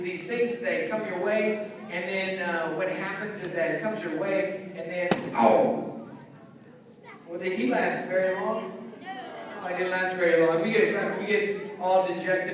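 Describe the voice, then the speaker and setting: A man preaching an energetic object-lesson sermon to young people as a youth pastor, calling out questions to the audience. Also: sits high. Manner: energetic, call-and-response with audience. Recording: echoey hall, mic from a distance.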